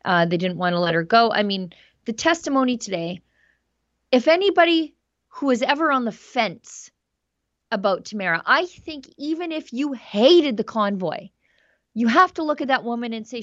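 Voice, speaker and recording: A woman's voice: on the high side, lively intonation, moderate pace, a bit bright, no room sound, highs cut off. Emphatic woman hosting news commentary. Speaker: host.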